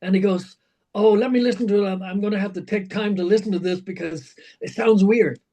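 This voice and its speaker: An older man, a rock singer being interviewed, telling animated stories, acting out quotes, swearing and laughing. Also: high voice, fairly quick, low-quality recording. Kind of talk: storytelling interview.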